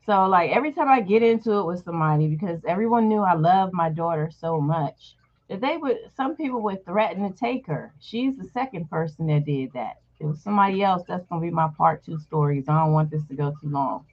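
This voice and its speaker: A woman's voice: on the low side, expressive, a little fast. A woman host casually telling a personal story to her viewers, candid and blunt, swearing freely. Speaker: channel host. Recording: dull lo-fi recording.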